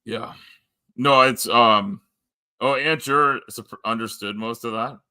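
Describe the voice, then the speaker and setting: A man's voice: medium pitch, slow pace, bright, forceful tone, clear, resonant tone. A Canadian man with a Canadian accent hosting a casual live-stream chat, rambling and joking with lots of fillers. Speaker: host.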